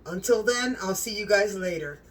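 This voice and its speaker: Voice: medium pitch, expressive, normal speed, recorded from a distance. A cooking channel host in a home kitchen, gushing and exclaiming as they talk straight to viewers while tasting the food.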